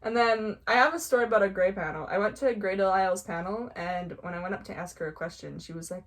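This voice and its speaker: Telling stories casually, a young female vlogger gushes with excitement and leans heavily on "like." Her enthusiasm keeps breaking out in sudden, high-pitched squeals.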